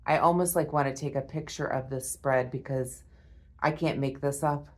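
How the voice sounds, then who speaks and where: A woman giving a spiritual tarot reading to her viewers, awed and emotional, repeating herself and often breaking off with a soft "wow.". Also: a bass voice, fairly even intonation, moderate pace. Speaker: tarot reader.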